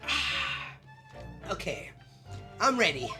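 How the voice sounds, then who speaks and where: Woman streamer, casual game commentary, very lively pitch, game music behind. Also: normal speed. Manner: animated, jokey, swears freely. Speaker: let's play streamer.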